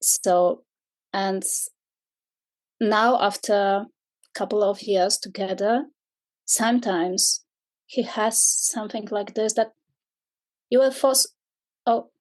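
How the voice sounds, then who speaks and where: Woman, slow careful english, lots of ums, middle pitch. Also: steady tone. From Poland. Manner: hesitant, many fillers. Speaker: guest, equestrian professional.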